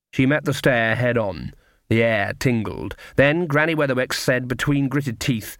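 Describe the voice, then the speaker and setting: Measured and even, a man tells the story of an audiobook in scripted narration. His pitch is medium, and the sound is clean studio audio without echo.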